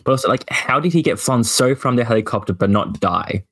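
A man chatting casually on a podcast, laid-back, blunt and quick to laugh. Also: medium pitch, lively intonation, fairly bright tone, breathy edge. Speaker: podcast co-host. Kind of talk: casual chat.

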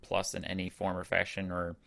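A woman co-hosting a podcast in casual chat, enthusiastic and quick to laugh. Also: a bass voice, monotone, gravelly, fairly bright tone, no room sound, studio quality.

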